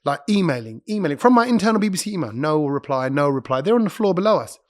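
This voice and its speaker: A man, a radio presenter, chatting as a podcast guest and telling stories quickly, often breaking off to correct himself. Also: a little high, big pitch swings. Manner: quick, chatty storyteller who interrupts himself. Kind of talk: casual interview chat.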